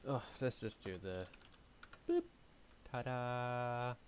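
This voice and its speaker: Young man, low voice, casual gaming commentary, mutters and hums to himself, faint keyboard clicks. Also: normal speed, slight background noise. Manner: chatty, talks to himself, hums and mutters while playing. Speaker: gaming YouTuber. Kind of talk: casual let's-play commentary.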